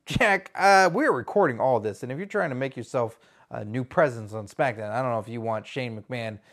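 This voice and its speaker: A man's voice: mid-range voice, brisk, a bit bright. A man playing the interviewer in a comedy sketch, answering in a dry, exasperated straight-man manner.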